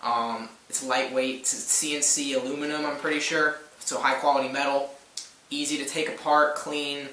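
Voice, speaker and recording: A young man co-hosting a casual question-and-answer chat, quick and enthusiastic with a joking streak. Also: mid-range voice, little pitch movement, sharp tone. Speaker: co-host answering fan questions. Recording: echoey room, mic at a distance, faint noise.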